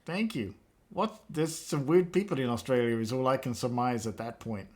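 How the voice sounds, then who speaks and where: A man's voice: medium pitch, normal speed. A man, chatting casually with live chat viewers while he works, joking around and laughing often. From England. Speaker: live streamer.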